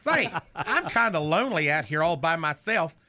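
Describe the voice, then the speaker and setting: A man's voice: fairly high pitch, very animated, moderate pace, background noise. A man playing a smug, boastful comic in a scripted morning radio bit. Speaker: comedy sidekick on a morning radio show.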